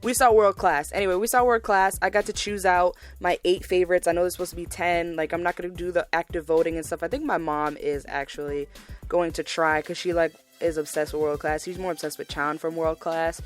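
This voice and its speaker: A woman's voice: lowish voice, level tone, fairly quick, soft background music. Chatty woman podcast host. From Massachusetts, USA. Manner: chatty and gushing, repeats words for emphasis. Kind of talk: casual solo podcast recap.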